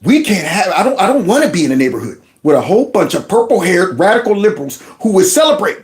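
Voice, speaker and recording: Male reaction host, high and lively delivery, indignant, restless rhythm with repeated words. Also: fast. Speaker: commentary host. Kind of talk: reaction commentary.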